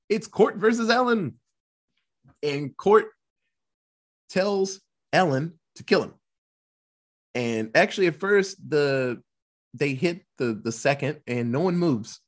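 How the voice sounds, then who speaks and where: Animated husky-voiced man recapping a movie. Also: on the high side. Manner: animated storytelling, quick voice switches for characters, laughs often. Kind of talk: casual movie recap chat.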